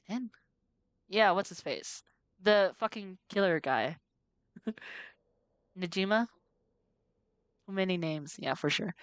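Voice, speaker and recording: A woman's voice: fairly low pitch, animated, slow pace, pauses often, clear, resonant tone, no echo. A woman hosting a game playthrough, chatting casually and reading the game's text aloud. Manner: chatty and giggly, swears when startled. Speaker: let's play host.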